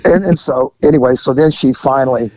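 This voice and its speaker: A man telling a comic crime story in a rambling, animated way, acting out the people in it. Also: mid-range voice, brisk, no room sound, rough recording. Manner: animated, rambling, acts out every line. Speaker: guest storyteller.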